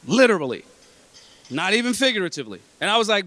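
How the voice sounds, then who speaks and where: A man's voice: sits high, sing-song, fast talker, a bit bright, dry recording. A man from Philadelphia addressing a convention breakfast, talking in an emphatic, streetwise, freely swearing way. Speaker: convention speaker. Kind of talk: blunt, profane talk to a room.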